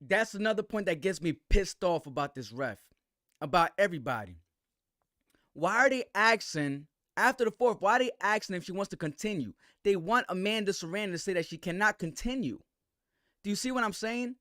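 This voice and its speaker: A man's voice: sits high, a bit bright, dry recording, clean studio sound. A man hosting a livestream, giving heated, slangy commentary full of restarts. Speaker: host.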